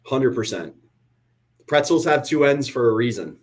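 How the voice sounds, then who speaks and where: A man's voice: medium pitch, normal speed. A middle-aged man, a financial advisor, joking easily in a casual interview. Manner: joking, easygoing, deadpan humor.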